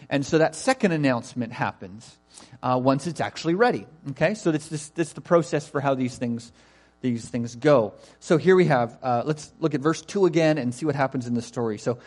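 A man preaching a sermon in a conversational, animated way, often asking "right?" and acting out quoted lines. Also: a little high, a little fast. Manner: animated, acts out invitations in quoted voices; conversational, frequent "right?" asides. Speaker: pastor.

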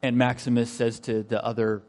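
A man preaching a sermon in a conversational, animated way, often asking "right?" and acting out quoted lines. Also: medium pitch, normal speed, faint music behind. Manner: animated, acts out invitations in quoted voices; conversational, frequent "right?" asides. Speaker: pastor.

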